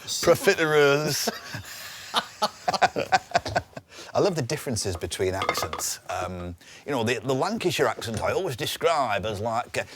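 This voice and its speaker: A man's voice: mid-range voice, big pitch swings, a little slow, long pauses. A man chatting as a guest on a cooking show, playful and laughing often as he slips into impressions. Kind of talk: casual chat on a cooking show. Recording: faint background noise in a studio kitchen.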